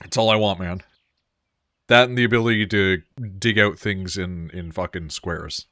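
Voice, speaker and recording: A man's voice: low voice, fairly even intonation, moderate pace, sharp tone, no echo. A man streaming a game, chatting casually with friends, joking and swearing loosely. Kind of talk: casual gameplay chat.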